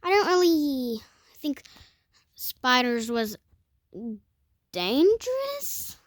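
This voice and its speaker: A woman's voice: a little high, expressive, takes it slowly, dry recording. Rambling storytime vlogger woman. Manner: rambling, self-correcting, many fillers. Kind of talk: storytime vlog.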